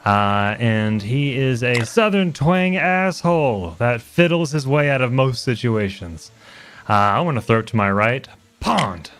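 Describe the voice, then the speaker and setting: A man player introducing himself at a tabletop game, relaxed and a little hesitant. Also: mid-range voice, a little slow. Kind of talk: casual chat at a tabletop game.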